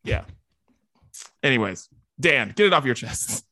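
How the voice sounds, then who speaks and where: A man co-hosting a casual podcast chat, talking in an excitable, emphatic way. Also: medium pitch, unhurried, dry recording, clean studio sound. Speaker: podcast co-host.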